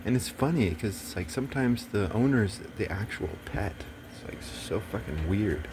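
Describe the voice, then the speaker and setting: A man's voice: fairly low pitch, lively intonation, moderate pace, background noise. A man talking in a rambling casual monologue, swearing often and turning agitated and preachy.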